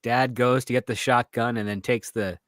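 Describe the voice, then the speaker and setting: A man's voice: medium pitch, fairly even intonation, normal speed, no room sound, clean studio sound. A man co-hosting a casual podcast, jokey and laughing through his remarks. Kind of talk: casual rewatch chat.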